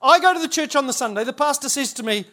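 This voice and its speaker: A man's voice: very high voice, lively intonation, fast talker, sharp tone. A man, a church leader giving a humorous storytelling talk at a conference, chatty and self-interrupting, laughing at his own stories.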